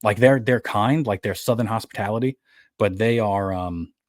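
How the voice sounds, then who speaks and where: A man with a New York accent speaks on a podcast in a loose, rambling way, often stopping and restarting his thoughts. His voice sits on the low side. The sound is close and dry, with no room echo. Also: moderate pace. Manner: rambling, self-correcting storyteller. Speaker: podcast co-host. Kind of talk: casual chat.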